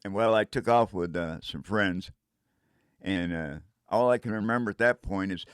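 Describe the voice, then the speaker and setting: A man's voice: lowish voice, animated, a little slow, a bit bright, dry recording, clean studio sound. Older man telling a rambling tale. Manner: rambling, with laughs and vocal sound effects. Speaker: storyteller. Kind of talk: casual first-person storytelling.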